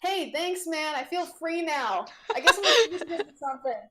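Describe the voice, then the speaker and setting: A woman voicing a carefree male dragonborn fleeing a fantasy town, excited and laughing as he talks. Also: very high voice, normal speed, heavy background noise, voice pushed up. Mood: giddy.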